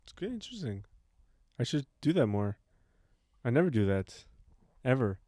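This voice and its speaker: A man's voice: medium pitch, big pitch swings, normal speed, dark tone, dry recording. Chatty man with a dry close sound. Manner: rambling storyteller who laughs often and slips into silly voices. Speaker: podcast host. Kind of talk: casual comedy podcast chat.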